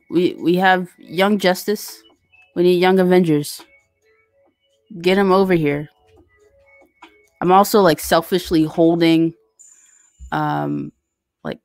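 Reading out her viewers' chat on a relaxed livestream, a woman talks and meanders, filling gaps with plenty of fillers. Her pitch is fairly low, and the audio is dry.

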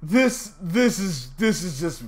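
A young man streaming a game live, chatting casually and breaking into loud, swearing, exasperated outbursts. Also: high voice, very animated, takes it slowly. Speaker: gaming livestreamer. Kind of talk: live gameplay commentary.

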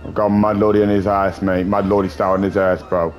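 A man's voice: deep voice, little pitch movement, quick pace, faint music behind. A man casually commentating his gameplay, joking, swearing and bantering with viewers. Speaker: gaming streamer.

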